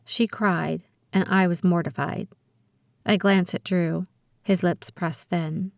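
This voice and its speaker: A woman reading a teen spy thriller audiobook aloud in the first person, with brisk, expressive storytelling. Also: on the low side, vocal fry, no room sound, studio quality. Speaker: audiobook narrator. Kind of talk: first-person scripted narration.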